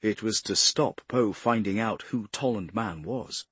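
A man narrating a crime novel as an audiobook, in a steady, measured voice. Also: lowish voice, husky, no room sound. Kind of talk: scripted narration.

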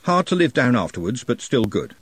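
A man with a husky voice voicing a sharp-tongued young woman who talks in a dry, exasperated way. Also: medium pitch, big pitch swings, brisk, no room sound, pitched above the performer's own voice.

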